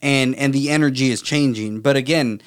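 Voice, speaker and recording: A man from Texas rambles through a casual talk show in a mid-pitched, everyday voice. He talks emphatically, swears freely, and keeps restarting his sentences as his points pile up. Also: moderate pace, clean tone. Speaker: co-host. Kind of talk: casual podcast chat.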